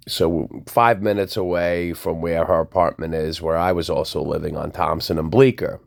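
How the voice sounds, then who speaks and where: A man telling a personal nightlife story in a casual, animated way, acting out the voices of people he quotes. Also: deep voice, normal speed, gravelly, few pauses.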